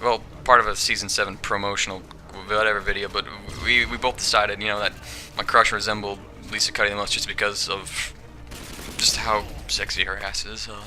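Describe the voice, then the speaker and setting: A man's voice: lowish voice, flat delivery, a little fast, sharp tone, a little hiss or hum. A young man giving casual, rambling gameplay commentary, joking and giggling as he goes. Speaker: gaming commentator.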